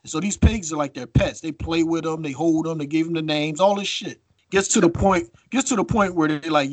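A man cohosting a podcast, telling stories in a casual, profane, animated way. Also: fairly high pitch, a little fast, dry recording. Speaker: podcast co-host.

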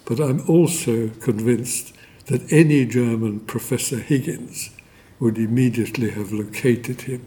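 A man with a mellow, mid-range voice gives a formal memorial lecture. He speaks in a measured, deliberate way, with pauses and fillers, and shows a dry scholarly wit.

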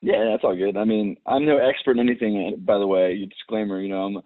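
A man's voice: fairly low pitch, fairly even intonation, fast talker, no echo. Easygoing man on a tinny line. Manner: laid-back, many "like"s, acts out quoted friends. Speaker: podcast guest. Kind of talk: casual podcast chat. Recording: phone-like remote call audio.

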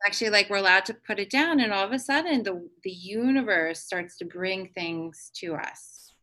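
Bright-voiced earnest woman host. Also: medium pitch, moderate pace. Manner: earnest, reflective, motivational. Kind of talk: casual conversational podcast.

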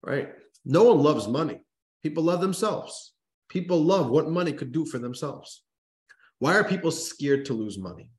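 A man's voice: fairly high pitch, lively intonation, normal speed, a little mellow. A man, a rabbi, teaching a religious text class, telling a story and stressing points with emphatic repeated restarts. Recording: roomy echo.

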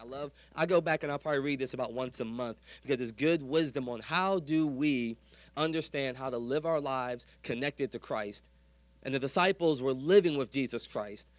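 A man's voice: a little high, dry recording. Male pastor, upper-register voice, folksy preaching, dry close sound. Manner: lively preaching with call-and-response to the congregation; folksy, says "y'all". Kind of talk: sermon.

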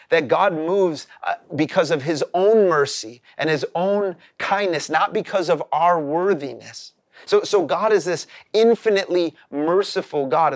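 A man's voice: a little high, no echo, studio quality. A man preaching a sermon as a pastor, earnest and explanatory, often repeating words as he starts a phrase.

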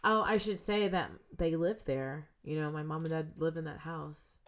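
A young woman, a podcast guest, telling a creepy story in casual chat, swearing freely and swinging from loud bursts to hushed whispers. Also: low-pitched, fairly even intonation, normal speed.

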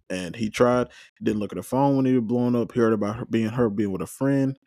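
A man's voice: medium pitch, fast, warm tone, no room sound, clean studio sound. A man hosting a watch-along recap, talking casually and giving his opinions at length. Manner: conversational, opinionated, rambling with fillers. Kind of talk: casual solo recap commentary.

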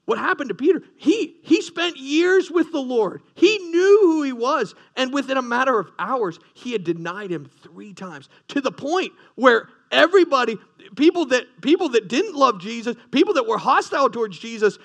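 A man's voice: extremely high pitch, very animated, moderate pace, few pauses, fairly bright tone. A man preaching a sermon, earnest, with rising emphasis and frequent restarts. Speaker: pastor.

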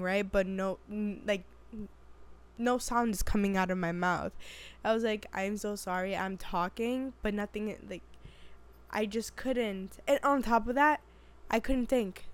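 A podcast host with a mid-range voice chats casually on her own show, hoarse and raspy from illness. She rambles, laughs often, and keeps second-guessing herself.

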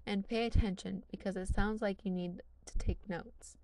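A woman's voice: medium pitch, steady tone, moderate pace, a little mellow, dry recording, lightly acted. Woman voicing a brash, cocky young man. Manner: brash, mocking.

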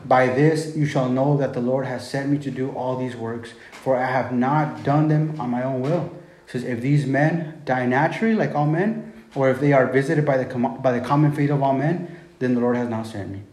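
A man's voice: medium pitch, a little mellow, reverberant, low-quality recording. A man preaching a sermon, reading Bible verses and paraphrasing them in casual slang. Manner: reads scripture, then retells it in casual slang.

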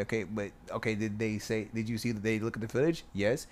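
A man telling a story in casual chat, swearing freely and acting out the quotes loudly. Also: lowish voice, brisk. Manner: animated, swears a lot, acts out quotes loudly.

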